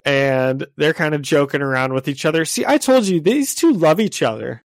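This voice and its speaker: A man's voice: a little high, lively intonation, normal speed, no echo. A man co-hosting a podcast in casual chat, recapping a comic and laughing often. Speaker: podcast co-host.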